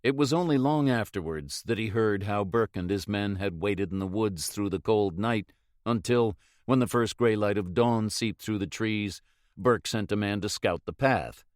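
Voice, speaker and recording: A man reading a novel aloud in measured, even scripted narration. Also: lowish voice, dry recording, studio quality. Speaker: audiobook narrator.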